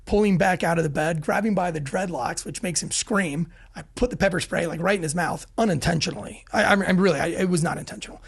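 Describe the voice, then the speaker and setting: A man with a gravelly, husky voice tells war-story style anecdotes as a podcast guest. He talks fast and animated, swears freely and trips over restarts as he mocks himself. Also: sits high. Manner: rapid, self-deprecating, frequent restarts. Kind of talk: animated storytelling, casual and profane.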